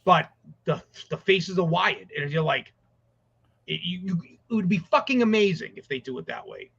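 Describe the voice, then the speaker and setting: A man co-hosting a casual sports podcast, rambling excitedly and swearing as he talks. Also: high-pitched, moderate pace, creaky, husky. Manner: excited, profane, rambling with restarts. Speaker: podcast co-host. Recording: dull lo-fi audio.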